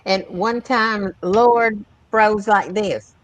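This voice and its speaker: A woman's voice: mid-range voice, drawn-out words, very noisy. A woman, sassy and laughing, calling people honey in a casual group livestream chat.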